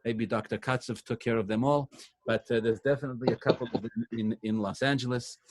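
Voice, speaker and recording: A man speaking as a rabbi to a synagogue congregation, in a medium, ordinary pitch. He talks loosely and conversationally, with fillers and restarts. He sounds like he is answering a question from the room rather than reading a text. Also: steady tone, quick pace. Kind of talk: sermon-style Q&A to a congregation.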